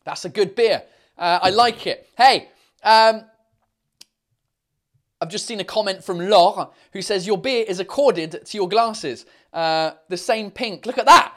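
A man's voice: high voice, unhurried, no echo, clean studio sound. Rambling, cheeky man hosting. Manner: rambling, cheeky, swears freely, slips into French. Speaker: comedian podcast host. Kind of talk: casual live-stream chat.

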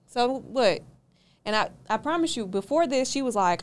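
A woman's voice: mid-range voice, moderate pace, smooth. A young woman, a podcast guest, telling a story in a casual interview and acting out both sides of it. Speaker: podcast guest, car rental owner.

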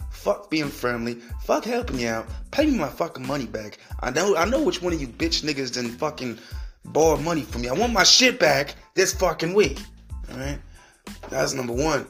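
A man's voice: fairly high pitch, expressive, normal speed, fairly bright tone, soft background music. A man hosting a solo podcast, ranting in a profane, rambling way and repeating himself. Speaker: podcast host.

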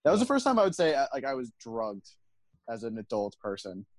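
A man's voice: mid-range voice, huge pitch swings, a little fast, a little mellow, no room sound. A man in his twenties co-hosting a podcast, chatting casually, joking and rambling with frequent laughs. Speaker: podcast co-host. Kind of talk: casual chat.

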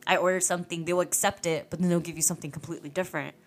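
A woman telling animated stories in a casual chat, swearing and laughing as she goes. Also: on the low side, rapid-fire. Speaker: podcast guest.

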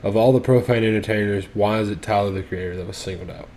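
A man's voice: lowish voice, fairly even intonation, quick pace, dark tone, a little hiss or hum. A young man co-hosting a casual podcast, reading articles aloud and adding sarcastic asides. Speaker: podcast co-host. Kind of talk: casual chat.

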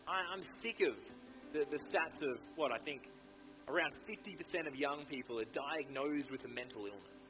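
A man's voice: a little high, moderate pace, rough recording. Fervent man preaching over music. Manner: fervent, exhorting, repeats "come on". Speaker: pastor. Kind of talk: sermon. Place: church.

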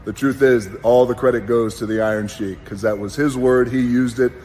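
A man's voice: mid-range voice, steady tone, a little mellow, a little hiss or hum. Earnest man in a reverberant space. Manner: earnest, unhurried, with pauses and fillers. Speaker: wrestler giving a tribute. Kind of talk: heartfelt spoken tribute.

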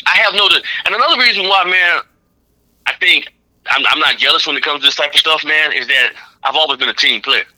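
A man's voice: on the high side, fairly quick, low-quality recording. A middle-aged man, a comedian, chatting casually on a podcast and acting out voices from his stories. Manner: animated, acts out crowd and director voices.

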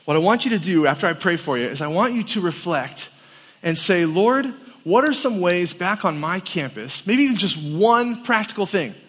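Male campus pastor, high voice, lively storytelling sermon, echoing hall. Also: moderate pace. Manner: animated storyteller acting out quotes. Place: large hall at a winter camp. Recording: long reverb of a hall.

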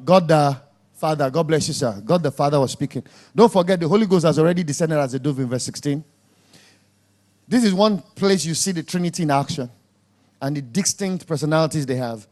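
A man delivers a sermon in a high voice. He preaches emphatically, scolding his listeners and hammering points home by repeating words. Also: fairly quick, darkish tone.

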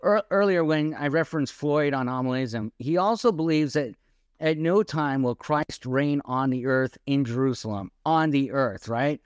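A man co-hosting a Bible-teaching podcast, animated and firing off rhetorical questions. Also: mid-range voice, moderate pace, clear, resonant tone, no echo, clean studio sound. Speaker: podcast co-host.

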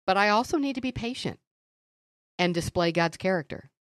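A middle-aged woman co-hosting a faith podcast, telling stories and teaching in an earnest, animated way. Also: medium pitch, normal speed, no room sound, clean studio sound. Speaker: podcast co-host. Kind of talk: faith-based conversational teaching.

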